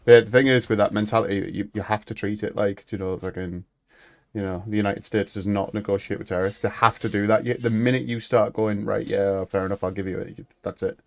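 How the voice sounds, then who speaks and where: Blunt gamer saying mate. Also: male voice, lowish voice, steady tone, fairly quick, gravelly, darkish tone. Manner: blunt, sweary, says "mate" a lot. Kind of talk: casual chat while gaming.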